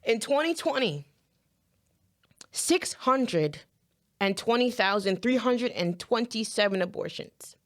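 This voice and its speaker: A woman's voice: fairly high pitch, lively intonation, takes it slowly, long pauses. A woman giving impassioned commentary straight to her viewers, earnest and close to tears, repeating herself as she speaks. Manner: earnest, emotional, addresses viewers directly, repeats phrases. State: holding back tears.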